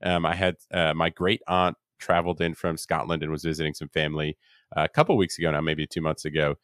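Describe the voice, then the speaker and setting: A man's voice: rumbling low, little pitch movement, fast, fairly bright tone, clean tone, no room sound, studio quality. A man co-hosting a board game podcast, easygoing and hesitant, with many ums. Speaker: podcast co-host. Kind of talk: casual podcast chat.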